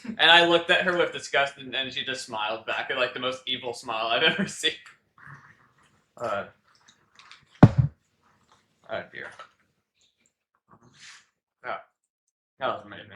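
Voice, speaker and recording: Teen boy podcast co-host, rambly, lots of fillers, bright tone, roomy echo. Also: mid-range voice, slow pace, long pauses. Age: teens. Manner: rambling, many fillers and restarts, laughs often. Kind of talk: casual chat. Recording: echoey room with faint noise.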